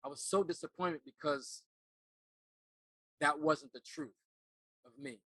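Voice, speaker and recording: Recorded close and dry without echo, a middle-aged man with a bright, forceful voice on the high side shares a personal story. Once an actor and now a life coach, he speaks earnestly, pausing and repeating words while recalling.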